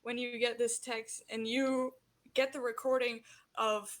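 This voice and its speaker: A woman narrating as game master of a tabletop role-play game, acting out characters with animated delivery. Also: a little high, a little slow.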